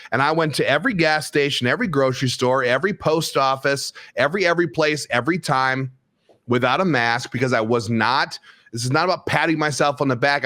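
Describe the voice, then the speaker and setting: A man's voice: medium pitch, fairly bright tone. A man co-hosting a political podcast, telling long emphatic stories in an opinionated, rambling way. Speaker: podcast co-host.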